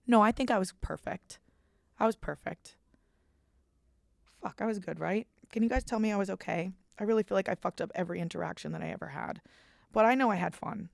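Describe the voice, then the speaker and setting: A woman's voice: mid-range voice, fairly quick, vocal fry, long pauses, dry recording, clean studio sound. A young woman in her twenties hosting a podcast, rambling in casual chat, self-deprecating and swearing freely. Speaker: podcast host.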